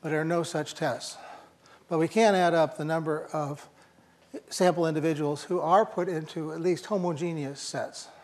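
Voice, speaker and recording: A man's voice: on the high side, steady tone, normal speed, a little mellow. An older man giving a university lecture, thinking aloud with fillers and restarts and slipping in dry jokes.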